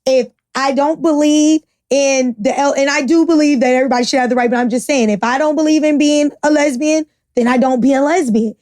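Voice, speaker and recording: Passionate high-voiced woman podcaster. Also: fairly even intonation, brisk, few pauses, darkish tone, dry recording, clean studio sound. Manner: passionate, blunt, swears freely. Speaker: podcast co-host. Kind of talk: casual opinionated chat.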